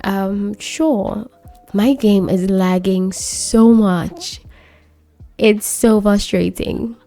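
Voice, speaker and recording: A woman casually narrating her life-sim gameplay, chatty and full of fillers. Her voice is mellow and warm with a steady gravelly fry. Faint music runs behind her. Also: medium pitch, very slow. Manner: chatty, filler-heavy, narrating and voicing characters. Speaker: let's play host. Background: faint background music.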